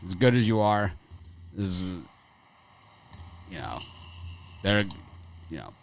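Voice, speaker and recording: A man's voice: low-pitched, sing-song, drawn-out words, vocal fry. A middle-aged man hosting a sports betting show, talking casually in a rambling way and laughing often. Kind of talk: casual chat.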